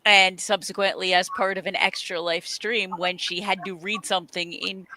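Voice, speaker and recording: Stream host, bright tone, dry close sound, easygoing chat with fillers. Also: mid-range voice, level tone, moderate pace, dry recording, poor audio. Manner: reads viewer chat aloud, uses "um" and "uh" fillers. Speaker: show host. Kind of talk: casual live stream interview.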